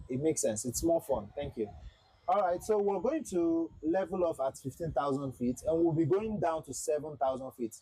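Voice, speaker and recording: A man livestreams a flight simulator and chats with his viewers in a loose, repetitive way. His voice sits a little high and has a husky grain. The sound is close and dry, like a desk mic in a small room. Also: dark tone, no echo, low-quality recording. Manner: chatty, repeats himself, talks to chat. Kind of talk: casual livestream commentary.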